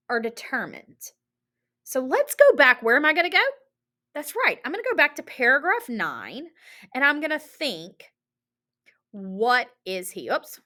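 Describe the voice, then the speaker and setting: A woman teaching kids to read on a recording keeps things lively and supportive, tossing out one rhetorical question after another. Her pitch sits on the high side.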